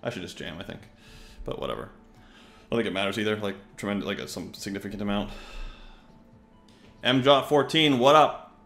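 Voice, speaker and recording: A man's voice: lowish voice, expressive, fast talker, gravelly, a bit bright, echoey room, faint music behind. A young man giving loose, chatty commentary as he plays poker on a live stream, rambling and swearing freely. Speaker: poker player and coach. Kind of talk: casual live-stream commentary while playing.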